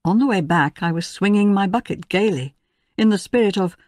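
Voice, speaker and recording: Measured woman reading an audiobook. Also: lowish voice, expressive, darkish tone, dry recording, clean studio sound. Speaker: audiobook narrator. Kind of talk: scripted first-person narration.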